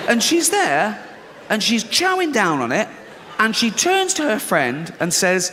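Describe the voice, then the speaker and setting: Brash English comedian in a reverberant hall. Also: male voice, high-pitched, wildly swooping pitch, unhurried, a crowd in the background, background noise. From England. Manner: brash, profane, mock-incredulous storytelling. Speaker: stand-up comedian. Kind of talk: stand-up comedy routine. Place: live comedy venue. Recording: live stage recording in a reverberant hall with audience ambience.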